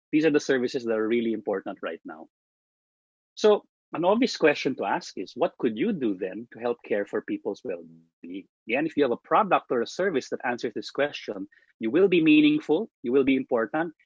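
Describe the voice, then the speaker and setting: A man giving a presentation on marketing, speaking emphatically, starting phrases high and letting them trail off. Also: husky, no echo. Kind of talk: presentation talk. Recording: dull lo-fi dry sound.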